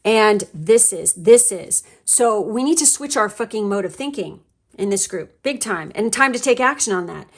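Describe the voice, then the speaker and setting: A woman's voice: mid-range voice, animated, moderate pace. A woman giving a pick-a-card tarot reading in a blunt, emphatic manner, swearing freely and using many fillers. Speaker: tarot reader.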